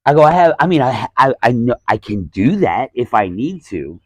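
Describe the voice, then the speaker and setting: A male stand-up comic talks casually on his podcast, looping back on himself and cursing as he acts out what people said. His voice sits at an ordinary middle pitch. The sound is dry and close, with no room echo. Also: sing-song, normal speed. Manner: rambling, profane, lots of restarts and acted-out quotes. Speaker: stand-up comedian, podcast host. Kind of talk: casual storytelling monologue.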